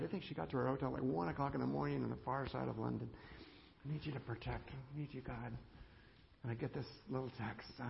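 An older male pastor preaches with a gravelly, slightly high voice, swinging from loud emphasis down to hushed, near-whispered lines. The sound is dull and carries a long church reverb. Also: a little hiss or hum. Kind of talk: sermon. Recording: dull hall recording with reverb.

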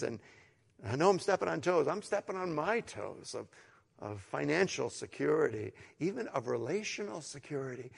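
Earnest male pastor with a gravelly voice. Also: a little high, in a large hall. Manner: earnest, swings from hushed to emphatic, repeats words. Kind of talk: sermon.

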